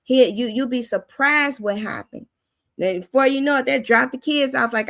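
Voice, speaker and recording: A woman with a high, youthful-sounding voice giving an informal spoken teaching on faith, preacherly and often acting out the voices she quotes. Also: normal speed, vocal fry, fairly bright tone, no echo.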